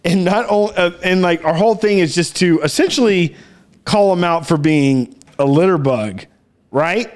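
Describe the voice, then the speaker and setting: A man's voice: sits high, normal speed. A man co-hosting a casual comedy podcast, rambling through a bit and laughing often. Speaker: podcast co-host.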